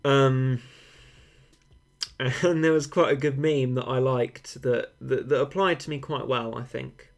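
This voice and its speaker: A man's voice: medium pitch, steady tone, unhurried, creaky. A young man, a game streamer, chatting casually and rambling, answering viewer comments with mock-dramatic overstatement.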